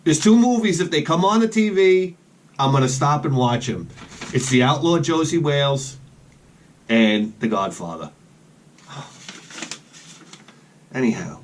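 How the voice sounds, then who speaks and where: A man's voice: a little high, big pitch swings, a little slow, long pauses. A man rambling in a casual vlog outdoors, chatting with joking asides about his collection. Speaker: collector vlogger.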